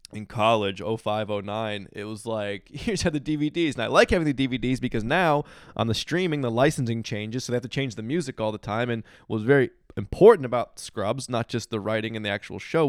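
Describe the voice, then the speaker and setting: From a hotel room, a podcast host in his thirties delivers a casual solo monologue, drowsy, slightly tipsy and yawning. He rambles and restarts, then breaks into emphatic outbursts. His mid-range voice is smooth and resonant, recorded dry and close with no echo.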